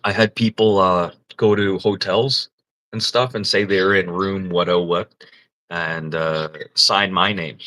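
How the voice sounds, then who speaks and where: Guy on a livestream, bright voice, swears a lot and rambles through stories with lots of laughing. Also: low-pitched, fairly even intonation, unhurried, low-quality recording. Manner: profane, rambling, laughs often. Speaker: livestream host. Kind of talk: casual storytelling chat.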